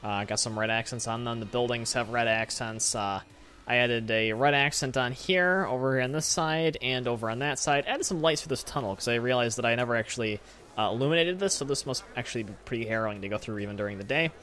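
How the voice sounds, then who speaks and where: A man's voice: medium pitch, fast, sharp tone, faint music behind. A man hosting a let's play, talking through building a theme park with lots of fillers and self-corrections. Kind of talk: game commentary.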